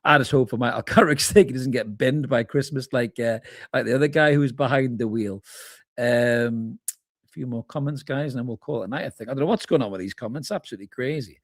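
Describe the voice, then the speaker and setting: A man's voice: mid-range voice, fast talker, no echo, clean studio sound. A man hosting a live fan reaction stream, chatting informally as he reads out viewers' comments and calls them mate. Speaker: fan channel host. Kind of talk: live match reaction, reading chat comments.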